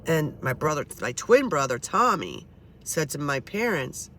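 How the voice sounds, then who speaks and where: Chatty, foul-mouthed woman storyteller with a bright, forceful tone. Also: deep voice, very animated, unhurried, a little hiss or hum. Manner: blunt, swears freely, chatty. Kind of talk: casual storytelling.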